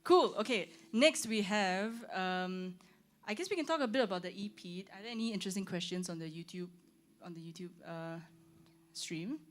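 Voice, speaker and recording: A woman's voice: on the low side, normal speed. A young woman, a singer chatting casually on a livestream, rambling with lots of "like" and "um". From Singapore. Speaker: singer hosting her own launch stream. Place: room with her band.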